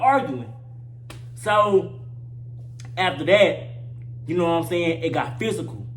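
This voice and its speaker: Young male vlogger, loose profane storytelling, repeats himself for punch, slightly high voice, roomy echo. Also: expressive, slow pace, pauses often. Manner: profane, slangy, repeats lines for emphasis. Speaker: vlogger telling a personal story. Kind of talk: casual storytime monologue. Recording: roomy echo with faint hum.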